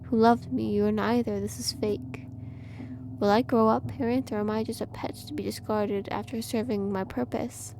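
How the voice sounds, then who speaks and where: A woman's voice: a little high, fairly even intonation, normal speed, background noise, natural voice. A woman voicing a male artificial child creature who talks in a pained, pleading way to the one who raised him.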